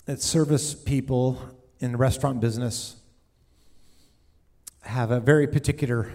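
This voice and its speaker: Joking, conversational middle-aged preacher. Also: male voice, medium pitch, a little mellow. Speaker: pastor. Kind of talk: sermon.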